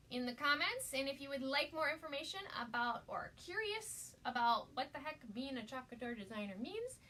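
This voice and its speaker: A bubbly woman hosts a live-streamed craft demo with a high, bright voice, gushing and calling out to viewers by name. She sits some distance from the mic, with a faint hiss behind her.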